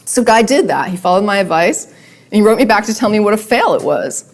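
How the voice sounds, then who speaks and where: A woman giving a public talk, speaking conversationally with wry asides and animated emphasis. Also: mid-range voice, a little fast. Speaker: guest speaker. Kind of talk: public talk with read-aloud letters.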